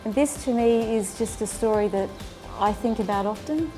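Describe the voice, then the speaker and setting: A woman's voice: fairly high pitch, normal speed, faint music behind. Earnest woman telling a faith story. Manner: earnest, animated retelling with acted quotes. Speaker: faith speaker. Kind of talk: storytelling reflection.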